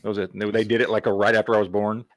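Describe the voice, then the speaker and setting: A man co-hosts a casual livestream, explaining in a fast, matter-of-fact way. His voice sits fairly low. The recording is dry and close. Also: level tone, no echo. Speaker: co-host.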